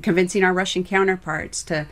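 A woman's voice: on the low side, steady tone, brisk, a bit bright. A woman, a former flight director, answering interview questions in an earnest, reflective way.

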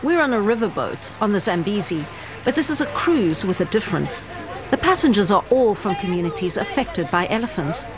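A woman narrating a news report in a measured, scripted way. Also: medium pitch, very animated. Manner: measured, clear storytelling.

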